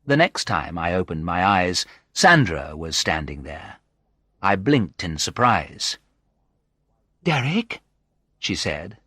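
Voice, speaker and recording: In a graded-reader style, a male storyteller narrates with a dry, bright, low voice. The pace is slow and the reading clear and expressive, with no echo.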